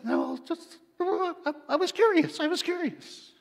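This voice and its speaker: A man voicing an eager, nosy owl, begging in a high, squealing voice while telling a story in a sermon. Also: unhurried. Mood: defensive pleading. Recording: long hall reverb.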